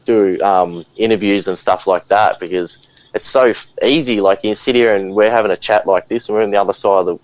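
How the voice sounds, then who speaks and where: A man's voice: on the low side, fairly quick. A man with an Australian accent, a podcast guest chatting casually in a laid-back, rambling way over a remote call. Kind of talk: casual chat. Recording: dull lo-fi sound.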